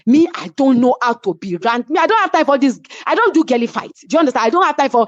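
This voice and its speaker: A middle-aged woman with a Nigerian accent, a reality show cast member telling a story in casual chat, animated and heated, slipping into Yoruba phrases. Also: high-pitched, fast talker, few pauses, no room sound. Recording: slightly muffled lo-fi sound.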